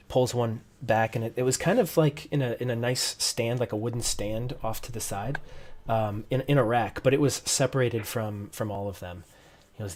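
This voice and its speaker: Low-voiced hesitant game master man. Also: darkish tone. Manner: hesitant, many restarts and ums. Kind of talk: narrating a tabletop game.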